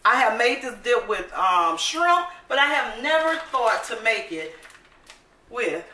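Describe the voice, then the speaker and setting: A woman hosting a casual cooking vlog, upbeat and chatty, often calling her viewers "baby" and saying she is excited. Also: on the high side. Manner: excited, admits talking fast. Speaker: cooking channel host. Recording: roomy echo, mic at a distance, faint noise.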